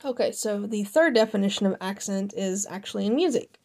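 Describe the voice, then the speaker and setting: A woman hosts a reading of encyclopedia entries in a voice of ordinary middle pitch for a woman. She reads carefully, trips on a word now and then and corrects herself, and drops into casual asides between entries. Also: brisk, darkish tone.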